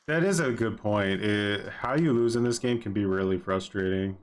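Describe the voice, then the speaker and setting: A relaxed young man with a fairly low voice, talking through a live game stream. He rambles casually with lots of fillers and small laughs. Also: moderate pace. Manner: laid-back, chatty, many fillers. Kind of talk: casual livestream commentary.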